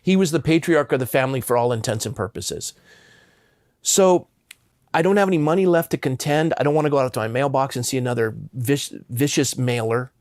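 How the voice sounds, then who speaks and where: A man's voice: mid-range voice, fairly quick, darkish tone, no echo, clean studio sound. Earnest pastor man in his fifties. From Southern California. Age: 50s. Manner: earnest, impassioned. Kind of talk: personal storytelling in an interview.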